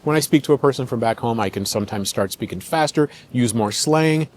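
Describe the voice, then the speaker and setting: A man's voice: mid-range voice, a little fast. An American man hosting a podcast, explaining points in a conversational, listing manner and acting out quoted speech. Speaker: podcast host. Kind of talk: explanatory commentary.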